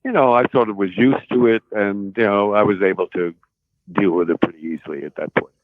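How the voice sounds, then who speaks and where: A man's voice: on the low side, fairly quick, no room sound, narrow, tinny audio. An older actor recalling his work in an interview, speaking hesitantly, with many restarts and ums. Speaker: guest actor. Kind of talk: interview recollection.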